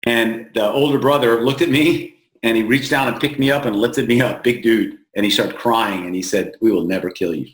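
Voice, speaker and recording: A man from the United States, an interview guest, telling stories plainly and earnestly with halting restarts, slowing down to stress points. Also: medium pitch. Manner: plain-spoken, halting restarts, slows for emphasis. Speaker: founder of an aid group, interview guest. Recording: roomy echo.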